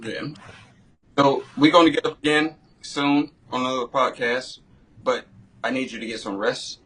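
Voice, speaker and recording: Male podcast host, husky, easygoing, conversational coach type. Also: medium pitch, moderate pace, bright, forceful tone, rough recording. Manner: laid-back, repeats "you know what I'm saying". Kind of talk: casual podcast interview.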